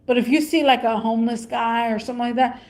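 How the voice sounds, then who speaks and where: A woman's voice: a little high, steady tone, fast talker, a little mellow. A woman vlogger rambling in a casual rant, repeating her questions.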